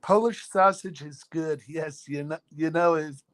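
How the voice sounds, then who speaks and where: An unhurried man with a high-leaning, somewhat bright voice hosts a casual live chat. Between frequent laughs, he reads viewers' names and teases himself.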